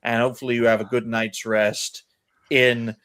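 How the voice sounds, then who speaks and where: A man's voice: mid-range voice, level tone, normal speed, a bit bright, smooth. A man hosting a casual streamed panel podcast, talking animatedly and calling the listeners folks. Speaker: podcast host.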